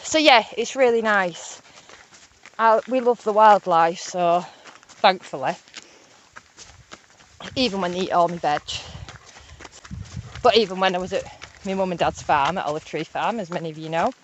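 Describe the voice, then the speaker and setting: A woman, vlogging casually and excitedly about wildlife while walking on a rural hillside. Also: fairly low pitch, moderate pace, pauses often, highs cut off, slight background noise. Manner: chatty, excitable, rambling. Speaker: nature vlogger.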